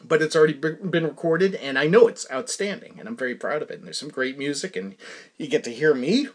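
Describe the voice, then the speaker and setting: A man's voice: on the high side, expressive, fairly quick. A middle-aged American man hosting a podcast, rambling in casual chat with lots of fillers and restarts. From United States. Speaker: podcast host.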